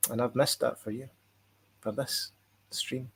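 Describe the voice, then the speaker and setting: A man's voice: medium pitch, little pitch movement, a little slow, gravelly, fairly bright tone, slightly rough, poor audio. A Scottish man co-hosting a stream, chatting in an easygoing, wry way with stammered restarts. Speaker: stream co-host. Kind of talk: casual chat.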